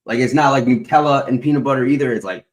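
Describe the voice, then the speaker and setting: A man's voice: mid-range voice, fast talker. A man hosting a casual chat stream, rambling and profane with lots of fillers.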